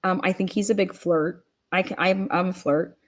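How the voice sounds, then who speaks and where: A woman's voice: lowish voice, steady tone, moderate pace. Blunt, swearing woman commentator. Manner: blunt, profane, acts out people in quoted rants. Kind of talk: casual profane commentary.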